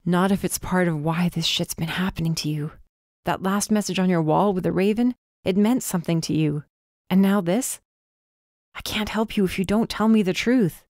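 A woman voicing a guarded, blunt young man who works as an undercover bodyguard, in a low, clipped, stubborn way. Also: normal speed, darkish tone, dry recording, studio quality, lightly acted. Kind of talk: audiobook character voice.

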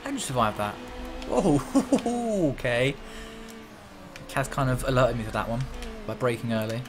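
A man giving lively let's-play commentary on a racing game, with a voice that swings up and down. He jokes and swears as he drives. Steady music runs behind him. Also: mid-range voice, a little slow. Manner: animated, joking, sweary. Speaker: gaming channel host. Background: background music.

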